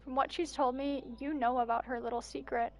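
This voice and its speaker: Speaking a little fast, a woman with a high, steady voice streams a game. She reads its messages and journal entries aloud as narration and adds breathless asides along the way.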